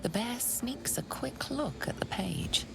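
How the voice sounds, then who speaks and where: A woman narrating a video game in a hushed, descriptive way. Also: fairly high pitch, expressive, slow, vocal fry, over music, exaggerated voice. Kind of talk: scripted narration.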